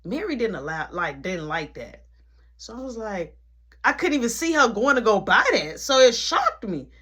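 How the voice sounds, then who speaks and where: A person telling a dramatic personal story in casual, slangy speech full of asides. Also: female voice, fairly high pitch, normal speed, breathy edge. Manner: slangy, animated retelling with many asides.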